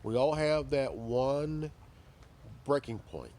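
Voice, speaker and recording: A man's voice: medium pitch, expressive, mellow. A man delivering a profane, confrontational ranting monologue as a commentary vlogger, often stumbling and repeating himself. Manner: profane, confrontational, halting repetitions.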